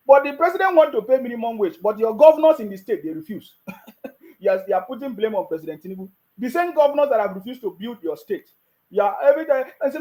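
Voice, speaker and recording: A man's voice: high voice, sing-song, fast talker, warm tone, low-quality recording. A man with a Nigerian accent giving a mocking, scolding political rant with frequent restarts. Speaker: political commentator. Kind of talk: ranting video commentary.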